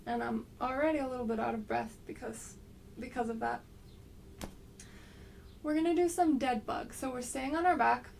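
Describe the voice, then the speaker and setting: A woman with a slight cold guiding an exercise class, giving gentle, unhurried cues with frequent pauses. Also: sits high, vocal fry, recorded from a distance, slight background noise. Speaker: movement instructor.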